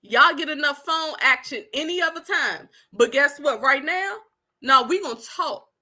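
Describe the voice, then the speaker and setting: A woman, giving animated, sassy commentary straight to her viewers. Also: sits high, normal speed. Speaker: online commentator.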